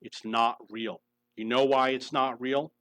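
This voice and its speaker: A man's voice: medium pitch, little pitch movement, measured pace, a bit bright, no room sound. A middle-aged man telling his own story in an earnest, insistent monologue, repeating himself for emphasis. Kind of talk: personal monologue to camera.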